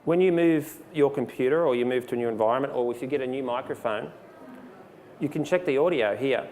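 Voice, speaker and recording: A man giving a relaxed, conversational live software demonstration, with frequent fillers, speaking into a handheld mic. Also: medium pitch, brisk. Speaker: presenter. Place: presentation hall. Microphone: handheld microphone. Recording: long hall reverb, faint background noise.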